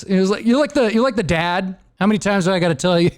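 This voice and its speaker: A young adult man with a high voice hosts a podcast, talking fast and animatedly as he tells a rambling story in casual chat, laughing often.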